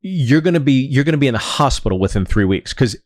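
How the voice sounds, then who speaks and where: A man's voice: mid-range voice, expressive, fast talker, dry recording. A man from Pittsburgh telling heated, profane anecdotes as a guest in a casual podcast chat.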